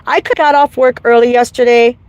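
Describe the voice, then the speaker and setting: A woman with a fairly high, steady, darkish voice talks a little fast while driving, venting in an emotional, profane, rambling livestream monologue. Road and car noise sit behind her, and the highs are cut off.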